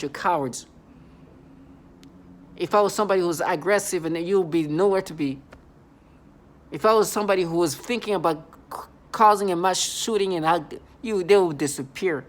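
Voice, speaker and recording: A vlogger speaking in a halting, repetitive, accusatory monologue. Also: medium pitch. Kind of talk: angry vlog monologue.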